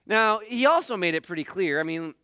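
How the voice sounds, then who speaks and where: A middle-aged man preaching a sermon as pastor, animated and acting out quoted dialogue. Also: high-pitched, a little fast, clean tone, no echo.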